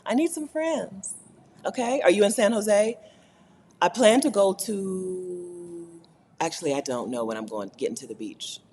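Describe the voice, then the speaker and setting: American woman, low-pitched, very lively delivery, casual laughing livestream chat, long room reverb. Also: normal speed, slight background noise. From United States. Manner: animated, laughing, repeats "right?". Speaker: vlogger.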